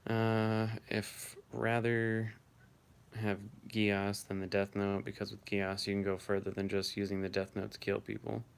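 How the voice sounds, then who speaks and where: A man with a somewhat low voice and a gravelly, fry-edged texture hosts a casual live stream. He reads viewers' comments aloud one after another and answers each in a relaxed, offhand way. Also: measured pace. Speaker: live-stream host reading chat.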